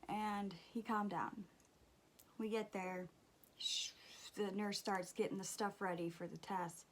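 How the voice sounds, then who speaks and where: A woman in her thirties chatting casually as she does her makeup, exasperated and often dropping to a soft near-whisper. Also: mid-range voice, level tone, measured pace, slight background noise. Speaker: beauty vlogger, mother. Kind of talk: casual storytelling during a makeup tutorial.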